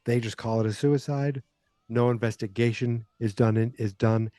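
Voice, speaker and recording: Mellow-voiced man rambling through a recap. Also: medium pitch, steady tone, moderate pace, no room sound, clean studio sound. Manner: rambling, chatty retelling. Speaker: podcast host. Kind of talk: casual movie recap.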